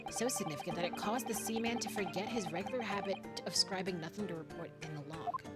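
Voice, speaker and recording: A woman reading out the lines of a pompous, eccentric male detective in a lower, quieter voice, grand and wordy. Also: fast talker, over loud music, lightly acted. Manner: grandiose, wordy, self-assured.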